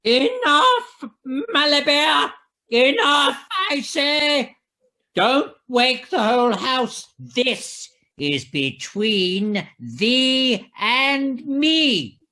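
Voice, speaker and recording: A high, bright, theatrical old doctor bellows his lines with sweeping swings in pitch and a slow, deliberate delivery. He sounds pompous and grand, and he is heard from some way off the mic. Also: big pitch swings, full character voice. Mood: booming. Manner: booming, archaic declamation. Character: pompous older man, Doctor Blair, theatrical.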